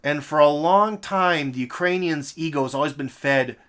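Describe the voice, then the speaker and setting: Male host, slightly high pitch, emphatic rhetorical commentary with sarcastic asides. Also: normal speed, a bit bright. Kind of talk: political commentary monologue.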